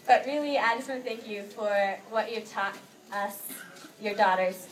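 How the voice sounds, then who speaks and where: A young American woman, an exchange student, giving a heartfelt thank-you speech to her host family and laughing often as she tells stories. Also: mid-range voice. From United States. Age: young adult. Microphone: microphone held at a distance. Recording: distant mic, noisy outdoor ambience.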